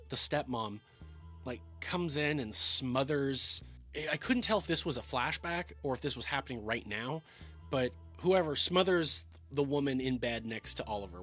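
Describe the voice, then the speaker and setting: A man's voice: medium pitch, fairly bright tone. A man giving a casual film review, rambling with lots of fillers and stammered restarts.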